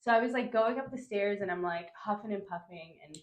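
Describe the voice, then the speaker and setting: A woman's voice: mid-range voice, a little fast. Laughing woman telling a story in a roomy space. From Honduras. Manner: animated, laughs often, acts out dialogue. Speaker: guest. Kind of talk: casual storytelling. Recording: roomy echo.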